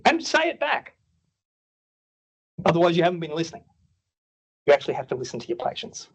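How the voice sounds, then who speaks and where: Australian man, nurse educator, husky, fairly high voice, blunt and chatty, muffled recording. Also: sing-song, moderate pace, pauses often. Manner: chatty, blunt, acts out patient dialogue. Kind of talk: workshop teaching.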